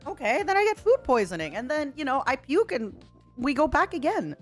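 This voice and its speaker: A woman's voice: high voice, big pitch swings, a little fast, faint music behind. A woman streamer hosting her farewell stream in casual voice-call chat, playful, teasing and affectionate.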